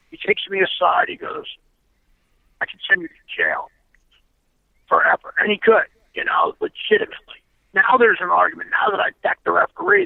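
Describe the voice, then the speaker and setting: Gravelly, high-voiced man on a phone line. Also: no echo. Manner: blunt, profane, emphatic storyteller. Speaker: interview guest, former pro wrestler. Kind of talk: casual storytelling interview. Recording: tinny dry phone line.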